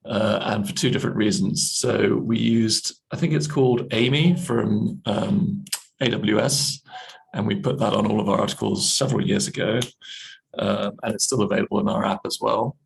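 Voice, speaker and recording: A man's voice: lowish voice, fairly even intonation, normal speed, creaky, breathy edge, poor audio. A man, a newspaper editor, talking in a video call discussion, hesitant with many fillers and restarts.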